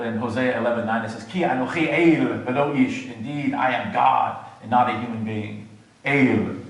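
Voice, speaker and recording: A man giving a scholarly church adult education lecture, explaining words with asides and small jokes. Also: medium pitch. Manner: scholarly, jokes and laughs at his own asides. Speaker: guest lecturer. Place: large church hall. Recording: very echoey hall.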